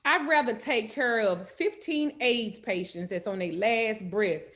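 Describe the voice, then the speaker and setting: A woman telling a comedic story in animated, loud, profane style. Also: a little high, a little slow. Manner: animated, loud, cursing freely. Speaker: host.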